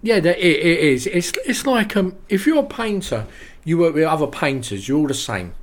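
A man, a podcast guest telling lively showbiz stories and quoting the people in them. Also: a little high, normal speed. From England. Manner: animated anecdotes with quoted voices and laughs. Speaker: interview guest. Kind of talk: casual storytelling.

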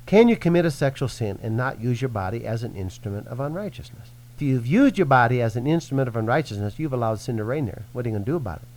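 Speaking as a Christian minister, a man teaches earnestly in a radio-style conversation, acting out quoted voices with animated, preacher-like energy. His voice is medium-pitched and quick, with hardly any pauses, over a rough recording.

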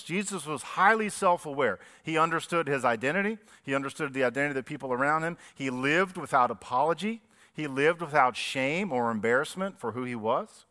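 A man's voice: fairly high pitch, bright, forceful tone. A man preaching a sermon as pastor, talking conversationally and asking the congregation questions. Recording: long reverb of a church hall.

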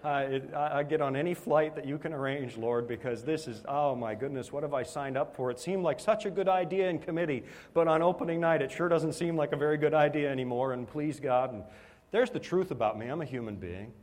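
Animated preacher in a reverberant hall. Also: male voice, on the high side, a little fast. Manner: animated storytelling, laughing at himself. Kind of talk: sermon with storytelling.

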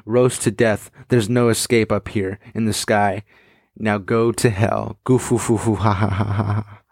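A vengeful male tyrant cackles and swears to slaughter everyone, as a man reads him out. The voice is low and muttered rather than loud. The sound is dry and close. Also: level tone, measured pace, gravelly, dry recording.

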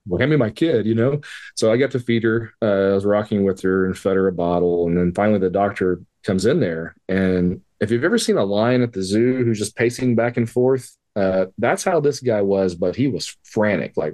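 On a podcast, a guest whose voice runs low and slightly mellow shares a personal anecdote conversationally, cursing freely. He brings the story to life by performing the quoted lines in different voices.

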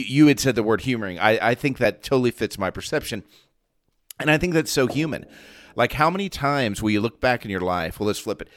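Man on a podcast, lowish voice, lively pitch, reads scripture calm then chats. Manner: calm, even reading; lively in discussion. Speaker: podcast co-host and reader. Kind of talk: casual chat and scripture reading.

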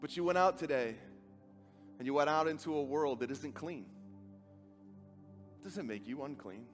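A man preaching with earnest drama, his voice sitting a little high for a man. He acts out dialogue and sinks into soft, hushed stretches. Faint music plays underneath. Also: moderate pace. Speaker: pastor. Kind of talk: sermon.

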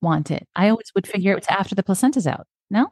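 A woman co-hosting a podcast, chatting in a relaxed way and laughing easily. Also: mid-range voice, fast talker, no echo. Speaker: podcast co-host. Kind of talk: casual chat.

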